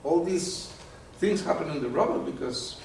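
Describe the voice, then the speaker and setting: A man giving a live talk to an audience, animated and often repeating words as he searches for terms. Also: on the high side, moderate pace, slight background noise. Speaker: presenter. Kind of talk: live lecture with audience questions. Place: meeting room with an audience. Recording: very echoey room from far off.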